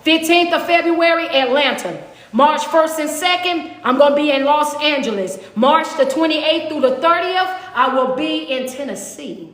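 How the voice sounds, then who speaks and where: A woman, a motivational speaker chatting live with her audience in an animated, direct way. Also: high-pitched, moderate pace. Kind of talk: live stream chat with viewers. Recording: echoey room with long reverb.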